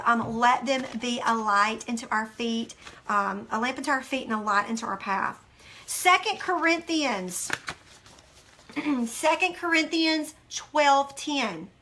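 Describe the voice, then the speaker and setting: A woman's voice: sits high, unhurried, pushed and bright, a little hiss or hum. A woman hosting a devotional study, speaking earnestly and emphatically to viewers and reading scripture aloud.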